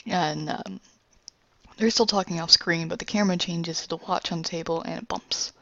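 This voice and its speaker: A woman casually retelling her own animated story, rambling with fillers and self-corrections. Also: fairly low pitch, normal speed, creaky, no echo, highs cut off.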